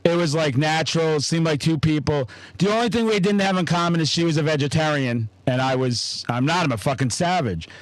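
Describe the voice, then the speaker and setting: A man's voice: on the high side, fairly quick, no room sound, rough recording. A man in his thirties hosting a casual podcast chat, telling stories with lots of swearing. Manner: profane, animated storyteller. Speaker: podcast host.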